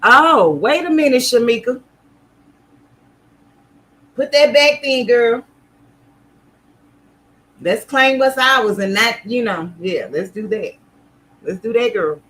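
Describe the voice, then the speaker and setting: A woman hosting a sewing livestream in casual chat, loud, extra and playful as she talks to her viewers from an indoor sewing room. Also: a little high, expressive, slow pace, pauses often, rough recording.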